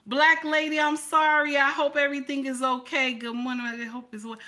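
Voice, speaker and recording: A middle-aged woman hosting casual livestream commentary, loud and playful, answering her chat as she talks. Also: high-pitched, flat delivery, moderate pace.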